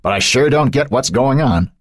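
A bewildered young deputy, as a narrator voices him reports in a slightly raised, uncertain voice. The tone is husky and dry, read close like an audiobook. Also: male voice, medium pitch, lively intonation, normal speed, no room sound, voice pushed up, lightly acted. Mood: puzzled. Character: puzzled young male deputy.

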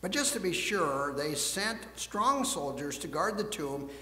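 A male pastor reads scripture as a story and then preaches, with a high, expressive voice. He drops to a hush and builds to emphasis, and the sanctuary answers with a long, roomy echo. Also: a little slow. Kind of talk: storybook reading and sermon. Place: church sanctuary. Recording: echoey church hall.

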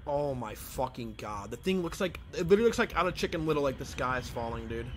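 A young man streaming a shooter game, reacting loudly and swearing at the plays. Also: mid-range voice, brisk, a little hiss or hum. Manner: excitable, swearing, yells and laughs at plays. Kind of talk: live game streaming commentary.

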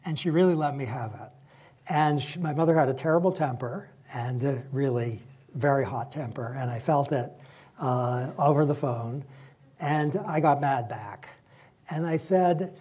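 A man's voice: medium pitch, moderate pace, dark tone, slightly rough. A man giving a public lecture in a reflective, conversational way, weaving in personal stories.

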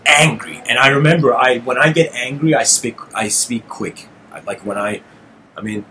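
A man hosting his channel, telling a personal story in an animated monologue, addressing listeners as "guys" and getting heated and intense. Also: mid-range voice, normal speed, slight background noise. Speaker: channel host giving a lecture.

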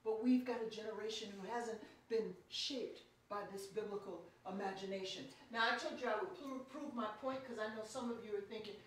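A woman preacher giving a storytelling lecture, animated and playful with her audience. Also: mid-range voice, a little fast, hardly any pauses, a little hiss or hum. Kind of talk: sermon-style storytelling lecture. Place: lecture room. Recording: echoey room, picked up from a distance.

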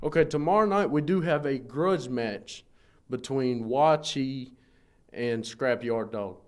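A man with a drawl talks through a local TV interview in an easygoing, unhurried way. His voice sits at an ordinary middle pitch, and his answers are short and plain, with fillers. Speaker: pro wrestler promoting a show.

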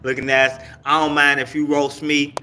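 A man hosts a casual livestream, bantering loosely with chat, teasing viewers and cursing freely. His fairly high voice has a flat delivery at normal speed, with a bright, forceful tone and slight background noise.

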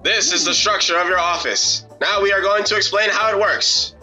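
A man's voice: sits high, normal speed, bright, forceful tone, soft background music, pitched above the performer's own voice. A man voicing an old-timey male newsreel announcer who reads instructions in a formal, instructive way.

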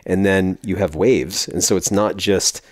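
Low-voiced man rambling on a podcast. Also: fairly even intonation, unhurried, no room sound, studio quality. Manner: rambling storyteller, laughs often. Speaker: podcast host. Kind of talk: casual chat.

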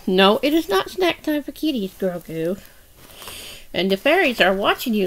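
High sing-song woman cooing at a kitten. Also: very animated, normal speed. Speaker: doll channel host. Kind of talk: doll play vlog.

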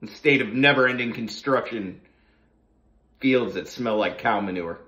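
Unhurried yet forceful, this middle-aged New Jersey man's mid-range, bright voice leads a casual morning talk session. He fills his monologue with sarcastic, profane rants.

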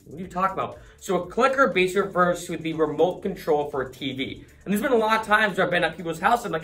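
A man's voice: on the high side, very animated, fast, fairly bright tone, soft background music. A young man from the Boston area chatting casually to camera, laughing and acting out little scenes as he explains slang.

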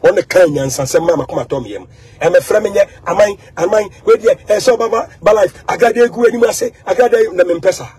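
A Ghanaian man giving an animated, emphatic monologue, repeating words and mixing in English phrases. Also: high voice, quick pace. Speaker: social media commentator.

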